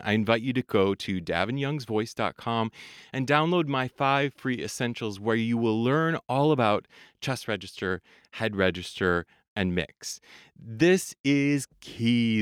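A man hosting a podcast, teaching about the voice in an animated way and demonstrating as he talks. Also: fairly low pitch, clean tone, dry recording, clean studio sound. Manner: animated, demonstrates singing registers, laughs often. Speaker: voice coach and podcast host.

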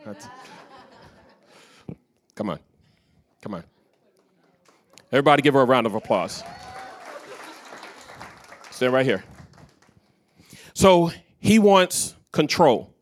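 Man preaching with lively storytelling. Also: mid-range voice. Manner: storytelling with quoted dialogue, varied loudness. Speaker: pastor. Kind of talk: sermon. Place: church stage before a live congregation.

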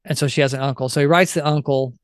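A man's voice: medium pitch, fairly even intonation, fast talker, no room sound, studio quality. A man telling a missionary story in an earnest, heartfelt way, acting out quoted lines. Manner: earnest, heartfelt, retells stories with voiced quotes. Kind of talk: conversational storytelling.

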